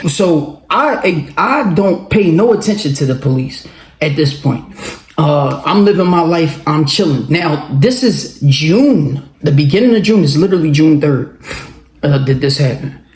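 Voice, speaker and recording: A man telling his own story in a casual, animated monologue, swearing and laughing often. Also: fairly high pitch, unhurried, roomy sound. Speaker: vlogger telling a personal story.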